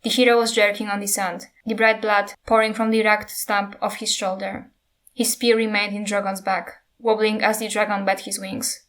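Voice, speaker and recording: A woman reads a fantasy novel aloud, steady and unhurried. Her pitch sits in a middle range and barely moves, giving the passage a flat, even telling. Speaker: narrator.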